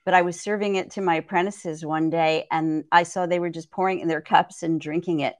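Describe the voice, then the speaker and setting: A woman's voice: on the low side, fairly even intonation, fairly quick, darkish tone, no echo, studio quality. A woman herbalist guest on a podcast, explaining things thoughtfully and often checking in with "right?". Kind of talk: conversational podcast interview.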